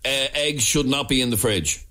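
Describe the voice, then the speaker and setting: An Irish man hosting a radio phone-in show, chatting in an animated, emphatic, jokey way. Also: mid-range voice, normal speed. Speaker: radio talk show host. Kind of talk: casual radio phone-in chat. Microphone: studio microphone.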